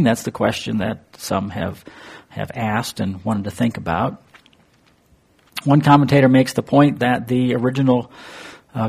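A man teaching verse by verse through a Bible passage, thoughtful and halting, pausing with fillers and posing rhetorical questions to his listeners. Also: mid-range voice, vocal fry, a little mellow, husky.

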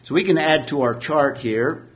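A man giving a Bible lecture, slow and measured, with emphatic points and frequent pauses. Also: on the high side. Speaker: Bible teacher.

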